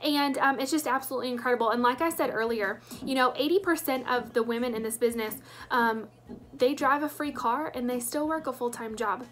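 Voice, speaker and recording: A woman's voice: sits high, a little fast, fairly bright tone, slight background noise. A woman, telling her story as a sales director with enthusiastic emphasis. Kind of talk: personal testimonial.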